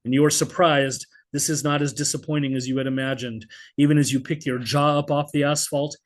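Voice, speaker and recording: A middle-aged man reading his own poetry in an expressive spoken-word style, blunt and vivid, now and then swearing, over a video call. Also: fairly high pitch, a little fast. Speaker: poet.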